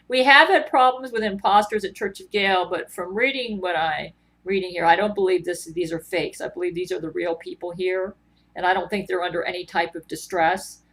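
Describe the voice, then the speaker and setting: A woman's voice: on the low side, creaky, fairly bright tone. A woman vlogger in a rambling, earnest monologue, full of ums and restarts. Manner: rambling, filler-heavy, earnest.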